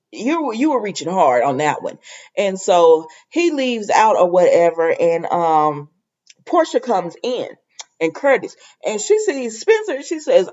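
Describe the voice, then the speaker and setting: A woman hosting a casual soap opera recap, chatty and animated, laughing as she retells scenes in quoted dialogue. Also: mid-range voice, muffled recording.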